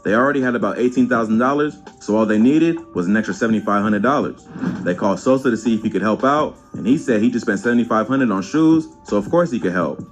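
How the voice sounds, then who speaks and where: Male documentary narrator over music. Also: fairly low pitch. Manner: even, measured storytelling. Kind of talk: scripted narration.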